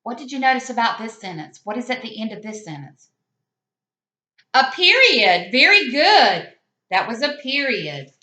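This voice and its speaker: A woman teaching young children, reading aloud slowly and asking questions with encouraging, sing-song praise. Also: fairly high pitch, very animated, pushed and bright, echoey room.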